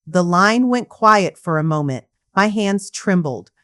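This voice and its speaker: Brief: woman storyteller, emotional scripted narration, lowish pitch. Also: animated, a little slow, a bit bright. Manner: emotional, dramatic reading.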